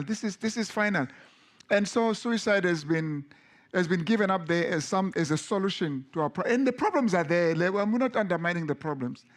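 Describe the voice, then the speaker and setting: A man with a somewhat high voice delivering a sermon. He speaks earnestly and with emphasis, often stumbling and restarting his words as he presses a point. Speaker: preacher.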